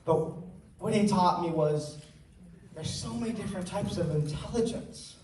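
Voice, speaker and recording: A man's voice: sits high, moderate pace, darkish tone, slight background noise. A young man giving an earnest personal talk to an audience, telling stories with joking asides. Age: teens. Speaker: student speaker. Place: large hall with audience. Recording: roomy hall sound, mic at a distance.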